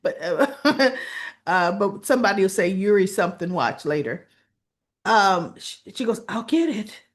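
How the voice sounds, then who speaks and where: A woman's voice: medium pitch, expressive, measured pace. A woman vlogger giving a casual, chatty recap of a soap opera episode, often stopping to ask "right?". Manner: chatty, conversational, keeps asking "right?".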